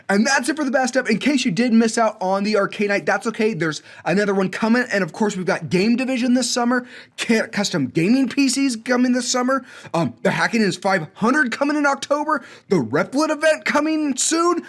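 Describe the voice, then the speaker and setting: An energetic young man hosts a coding school showcase, playing student-made games and cheering them on. His voice sits high, and he jokes about how bad he is at games. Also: brisk. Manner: energetic, enthusiastic, self-mocking. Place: indoor studio with green screen.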